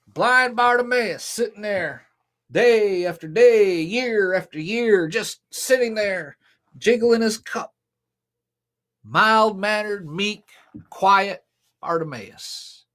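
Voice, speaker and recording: A man's voice: sits high, takes it slowly, a bit bright. A man preaching a sermon and retelling a scripture story with dramatic, emphatic delivery. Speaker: pastor.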